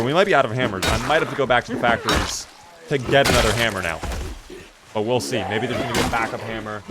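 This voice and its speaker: A young man with a mid-range voice chats casually while live-streaming a survival game, reading out chat. He's animated and keeps bursting out in exasperation at his character, and the recording is very noisy.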